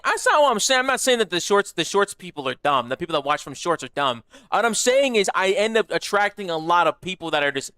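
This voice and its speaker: A man's voice: sits high, sharp tone, no room sound. A young man streaming a game live, chatting casually with viewers, swearing often and reading out chat. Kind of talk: casual livestream chat while gaming.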